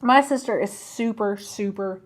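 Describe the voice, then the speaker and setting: A woman's voice: mid-range voice, a little slow. A woman in her thirties co-hosting a craft show, telling family stories in casual chat and laughing often. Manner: chatty storyteller, laughs often.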